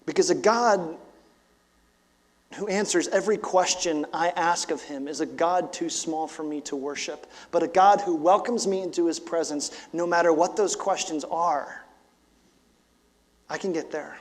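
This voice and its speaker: A man in his forties preaching a sermon as pastor, conversational and animated, with emphatic bursts. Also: on the high side, unhurried, in a large hall. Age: 40s.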